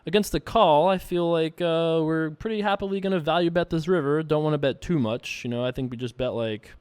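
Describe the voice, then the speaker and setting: A man's voice: a little high, brisk, a little mellow, clean tone, dry recording. A man casually commentating his own online poker session, thinking aloud and joking at himself.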